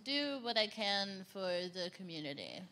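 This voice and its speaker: A woman from Texas co-hosting a live comedy podcast, joking in a slow deadpan drawl. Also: mid-range voice, rough recording. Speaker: co-host. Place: live theatre stage before an audience. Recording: live stage mic, crowd noise behind.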